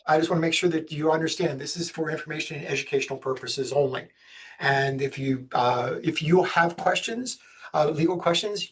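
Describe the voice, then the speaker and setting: Fast-talking husky man presenting. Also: fairly high pitch. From Southern United States. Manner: fast-talking, energetic, jokey asides. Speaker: special education law presenter. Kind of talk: webinar presentation.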